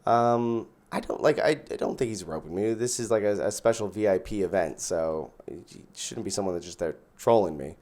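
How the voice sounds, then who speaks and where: A man's voice: lowish voice, normal speed, few pauses, darkish tone. A man giving casual gameplay commentary as host, thinking aloud and counting out his mana as he plays. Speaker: gaming channel host.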